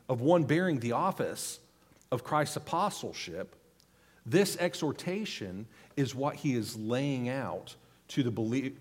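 Man, 30s, pastor, sermon, husky, slow, lively pitch, earnest teaching. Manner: earnest teaching, pleading emphasis, asks the congregation questions.

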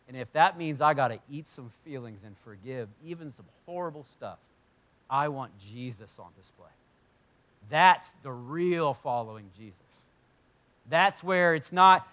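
In a church hall, a male pastor delivers a sermon with a medium-pitched voice. His earnest, conversational delivery moves from loud, emphatic bursts down to near-whispers.

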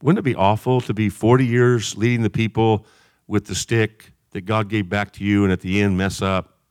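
A man preaching a sermon in an animated way, jumping between loud shouts and quiet asides. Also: fairly low pitch, moderate pace, clean tone, no room sound, studio quality.

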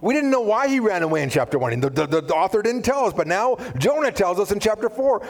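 A man preaching a sermon as pastor, conversational and animated, full of asides. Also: high voice, fast, gravelly, hardly any pauses, slight background noise.

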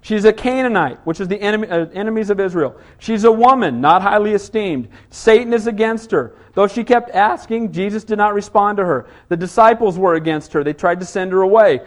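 A man's voice: high-pitched, a little fast, few pauses. A man preaching a sermon, a father of small children, full of rhetorical questions and frequent calls of "Amen?" to the congregation. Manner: call-and-response, asks "Amen?" often; rhetorical questions, rising to emphatic cries. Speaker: pastor.

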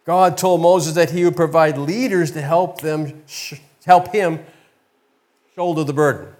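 A man's voice: fairly high pitch, steady tone, a little slow, a little mellow. A man preaching a sermon in a heartfelt, searching way, often repeating his words for emphasis.

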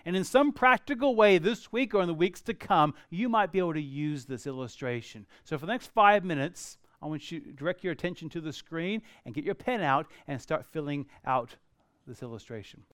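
A man's voice: on the high side, expressive, fairly quick, fairly bright tone, no echo. Male pastor, directive, resonant voice, dry close sound. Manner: directive, addressing a congregation. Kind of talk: sermon.

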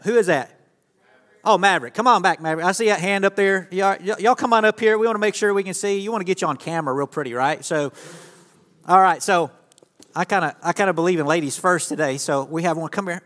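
Male pastor, playful, joking with volunteers, high voice, echoing sanctuary. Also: a bit bright. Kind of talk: interactive sermon with volunteers. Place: church stage. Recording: long reverb of a church hall.

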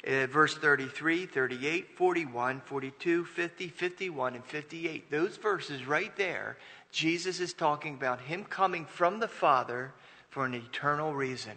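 A man's voice: fairly high pitch, a little slow, sharp tone. A man preaching a Sunday sermon. He reads verses aloud and breaks into emphatic bursts, with frequent restarts. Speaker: pastor. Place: church sanctuary. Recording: long reverb of a church hall.

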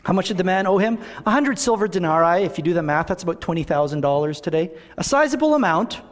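A man preaching a conversational, animated sermon as a pastor in a church, asking the congregation rhetorical questions. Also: sits high, quick pace. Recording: long reverb of a church hall.

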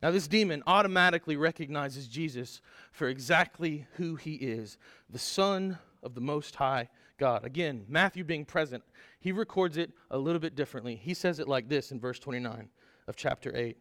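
A man preaching a Sunday sermon, animated and conversational, putting rhetorical questions to the congregation. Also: on the high side, normal speed, no echo, studio quality. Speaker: pastor.

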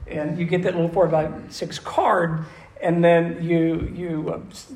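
A man's voice: a little high, level tone, a little slow, a little mellow. A man as a pastor giving an interactive, conversational sermon to a church class, often asking the audience questions. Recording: roomy echo with faint room noise.

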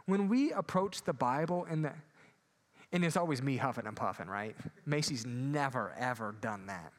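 Man preaching with loud and soft swings. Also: lively intonation, moderate pace. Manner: swings between loud emphatic peaks and quiet low asides. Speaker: pastor. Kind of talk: sermon.

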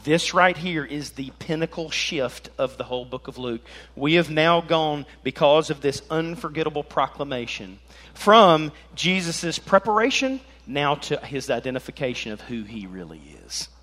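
A man preaching an animated sermon as pastor, joking and swinging between loud and soft. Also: a little high, normal speed, few pauses.

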